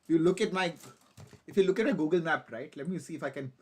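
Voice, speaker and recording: A young man with a fairly high, darkish voice talks fast while building a model kit on a casual live stream. Giggly, hyper, and foul-mouthed, he rambles on and pokes fun at himself.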